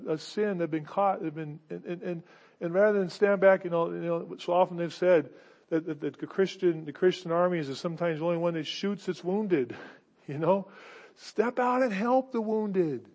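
High-voiced pastor preaching with earnest restarts. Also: male voice, a little mellow. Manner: earnest, stumbling restarts, swells to emphatic exhortation. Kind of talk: sermon.

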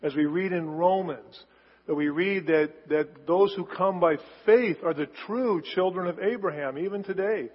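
A man preaching a sermon as pastor, emphatic, repeating words for stress. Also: a little high. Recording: muffled sound in a large reverberant hall.

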